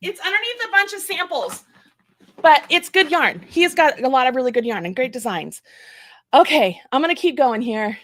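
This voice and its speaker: A high-pitched woman chats casually on a livestream, reading out viewer comments as she goes. The recording is close and dry, with no room sound. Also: animated, normal speed, fairly bright tone, dry recording. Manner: chatty, reads viewer comments aloud. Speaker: co-host.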